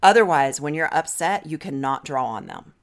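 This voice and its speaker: A woman marriage therapist talking straight to the listener, coaching them with direct, practical advice and slow guided breathing. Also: deep voice, animated, gravelly. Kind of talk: advice talk to camera.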